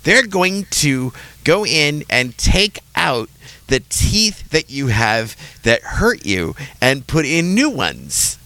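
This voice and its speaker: A man's voice: on the high side, sing-song, slow pace, bright, forceful tone, voice pushed up, heavily acted. A man voicing his little three-year-old nephew while telling a story. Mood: eager. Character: little boy, three years old, innocent and eager.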